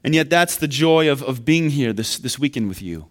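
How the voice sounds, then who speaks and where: A man's voice: medium pitch, animated, normal speed. A man preaching a sermon, earnest and building to emphatic questions. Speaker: pastor.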